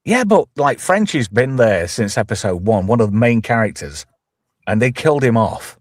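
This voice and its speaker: An English man from the East Midlands hosts a live chat show, cursing freely and rambling through jokey banter. His voice swings widely in pitch. The sound is dry and close. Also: big pitch swings, normal speed, dry recording. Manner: swearing, blunt, rambling and jokey. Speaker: host.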